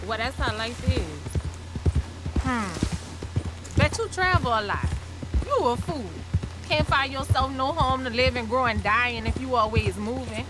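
A high-voiced old Cajun mama. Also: female voice, expressive, slow, long pauses. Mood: chatty. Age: older. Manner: folksy rambling, broken grammar. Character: older Cajun woman, stranded, chatty and distrustful. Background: game music and horse hooves.

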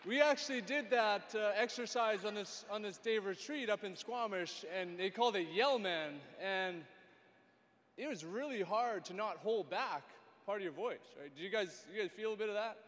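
A man's voice: high voice, moderate pace, fairly bright tone. A man hosting a youth summit on stage, upbeat and rallying the audience for applause. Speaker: event host. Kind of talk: emcee hyping crowd. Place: large arena stage. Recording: long arena reverb, crowd and noise.

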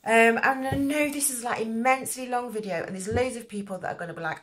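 A woman's voice: on the high side, a little fast, a bit bright. Rambling woman crochet host. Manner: rambling, many fillers and restarts, nonstandard grammar. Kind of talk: rambling casual explanation.

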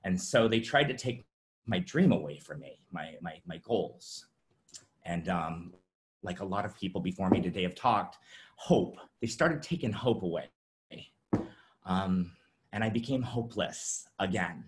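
A man giving a halting personal testimony at a virtual summit, with many fillers and restarts. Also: deep voice, expressive. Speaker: presenter sharing his story.

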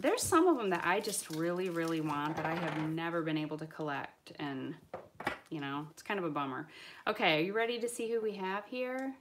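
A chatty woman hosts a toy unboxing live stream in a fairly low voice, excitable and warm toward her viewers. A faint hiss sits under her voice from the camera mic. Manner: chatty, excitable, answers viewer comments while opening toys. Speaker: toy channel host.

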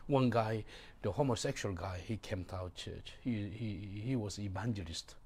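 A middle-aged man, a pastor preaching a sermon in halting, broken English. He drops to low murmurs and then bursts out loudly. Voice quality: gravelly. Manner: swings from low murmurs to loud exclamations.

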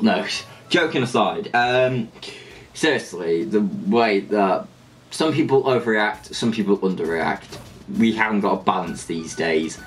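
A man's voice: on the low side, lively intonation, measured pace. A young man chatting casually over a game he is playing, rambling and restarting his sentences, with game music underneath. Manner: rambling, chatty, with frequent restarts and jokey asides. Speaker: gaming channel host. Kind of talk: casual let's play commentary.

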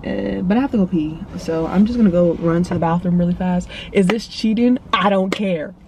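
Filming on her phone inside a parked car, this early-twenties vlogger chats loosely with her audience, filling gaps with lots of ums and likes. She speaks fairly quickly in a lowish voice, and the background is noisy.

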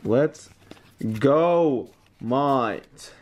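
Excitable young guy opening card packs. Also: medium pitch, drawn-out words. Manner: excitable, reads card names aloud, says bro and mate. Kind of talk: casual unboxing commentary.

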